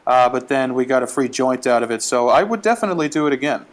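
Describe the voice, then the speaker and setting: A man's voice: medium pitch, fast. A man casually telling a comic travel story, acting out the quotes as he goes. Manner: animated, acts out quotes. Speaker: guest storyteller.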